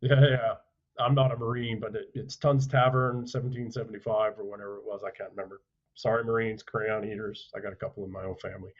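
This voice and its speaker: A man speaking as a podcast guest, telling stories bluntly and forcefully, with profanity and rhetorical questions. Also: on the low side, steady tone, quick pace, lo-fi sound. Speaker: podcast guest, author and former soldier. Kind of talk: forceful conversational storytelling.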